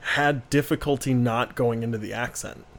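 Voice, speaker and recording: A man's voice: medium pitch, steady tone, moderate pace, creaky. A young man co-hosting a casual podcast in an ordinary mid-range voice. He is wry and dry-humored and chuckles at his own stories. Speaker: podcast co-host. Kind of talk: casual chat.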